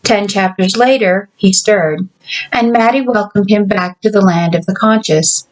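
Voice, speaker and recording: A woman's voice: mid-range voice, measured pace, rough recording. A woman author reading her own fiction aloud, with casual asides between passages.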